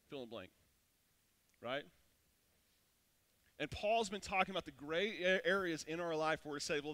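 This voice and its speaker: A man in his thirties preaching a sermon, casual and animated, telling a personal story with frequent restarts. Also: a little high. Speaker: pastor.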